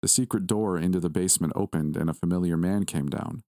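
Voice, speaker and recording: A man reading a first-person horror story aloud at a steady, measured pace. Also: sits low, no echo, studio quality. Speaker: story narrator.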